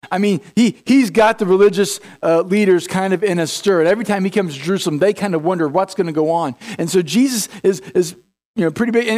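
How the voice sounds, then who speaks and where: A man's voice: high voice, darkish tone. A man preaching a sermon as pastor, in a folksy, conversational way full of restarts, acting out the figures he quotes. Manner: acts out biblical figures in quoted voices.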